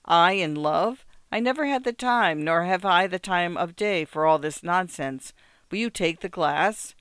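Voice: mid-range voice, unhurried, a bit bright, clear, resonant tone, dry recording, natural voice. A reader voicing a dry, biting old shop dealer. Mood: impatient. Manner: brusque, impatient, mocking chuckles. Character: dry, sharp-tongued male antique dealer.

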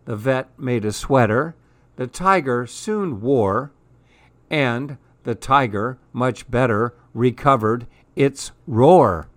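Slow, measured man reading a rhyming story. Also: medium pitch, animated, dry recording. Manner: measured, rhythmic. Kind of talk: reading a rhyming picture book aloud.

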